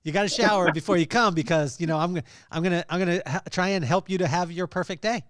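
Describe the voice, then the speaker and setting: A man's voice: high-pitched, quick pace, fairly bright tone, dry recording, clean studio sound. A man hosting a podcast in casual chat, teasing and playful. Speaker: podcast host.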